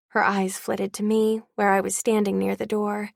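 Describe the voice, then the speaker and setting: A young woman narrates an audiobook in first person with a wry, confiding tone. Her mid-pitched voice carries a gravelly edge, recorded close and dry. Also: level tone, normal speed, hardly any pauses, darkish tone, no echo. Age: young adult.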